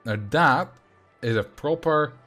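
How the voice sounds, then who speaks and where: A man's voice: on the high side, slow pace, pushed and bright, faint music behind, a faint crowd. A man, streaming a building game, chatting casually, reading chat and thinking aloud with self-mocking humor. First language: Dutch.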